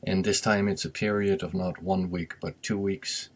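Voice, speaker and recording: A man's voice: low voice, steady tone. A man teaching English, patiently going over class notes and giving Japanese translations. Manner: slow, patient explaining with Japanese glosses. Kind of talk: recorded lesson review.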